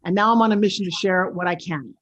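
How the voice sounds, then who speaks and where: A woman in her sixties with a New York accent, hosting a show in a loud, brash, animated way. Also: fairly low pitch, fast, highs cut off. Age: 60s. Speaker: show host. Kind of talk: casual talk-show monologue.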